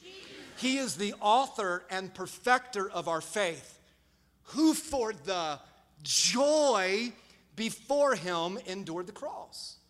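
A middle-aged man preaching a sermon as pastor, telling lively stories and acting out quotes with big swings in loudness. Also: high-pitched, slow, in a large hall.

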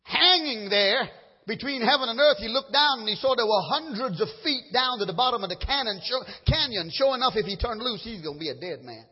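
A man delivers an impassioned sermon in a high, husky voice, dropping to low murmurs and then rising to loud cries. His words often stumble and restart. The recording is dull and lo-fi, with a long reverb from a large hall. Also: lively intonation, a little fast. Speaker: preacher.

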